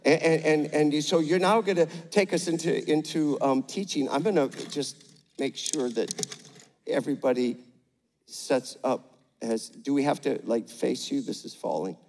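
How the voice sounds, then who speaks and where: An older male pastor with a slightly high voice delivers a sermon. He rouses the congregation with call-outs and softens into a playful tone with a child. The sound carries a long echo from a large church hall. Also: normal speed, slight background noise. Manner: energetic, rallies the crowd with call-outs; gentle and playful when talking to a child. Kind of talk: sermon with a live demonstration. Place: large church auditorium, on stage.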